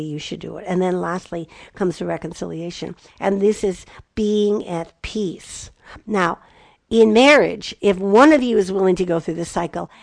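A middle-aged woman teaching about marriage, slow and emphatic, with playful asides. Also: lowish voice, gravelly, dry recording, studio quality. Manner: slow emphatic delivery, spelling words out. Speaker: Bible teacher. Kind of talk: teaching talk.

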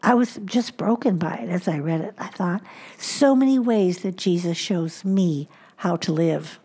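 Woman preaching with hushed emphasis. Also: on the low side, breathy edge. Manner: slows down for emphasis, drops to a hushed voice on key points. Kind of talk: sermon.

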